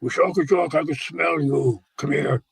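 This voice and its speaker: A man voicing a menacing cannibal monster that hollers its threats loudly. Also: fairly high pitch, lively intonation, a little fast, vocal fry, husky, no echo, pitched above the performer's own voice, heavily acted. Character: cannibal male Wihtikow monster, booming and menacing.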